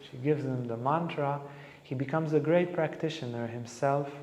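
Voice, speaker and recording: A spiritual teacher with a medium-pitched voice tells a story at a moderate pace, animating it and acting out what each character says. The echo of a large hall surrounds his words.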